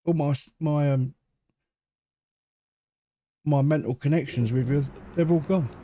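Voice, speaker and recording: Slightly high in pitch with a dark tone, the voice moves at a measured pace. It belongs to a middle-aged English gaming host who chats and rambles about his truck gameplay, often poking fun at himself.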